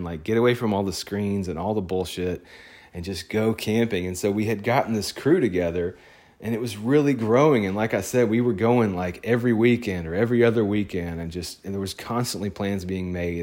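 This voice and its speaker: A man, a photographer, telling a personal story in a casual, rambling, excitable way. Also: fairly low pitch.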